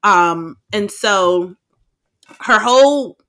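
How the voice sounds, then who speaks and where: A woman co-hosting a podcast, recapping a film in casual chat, animated and profane, acting out her own reactions. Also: medium pitch, very slow. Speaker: podcast co-host.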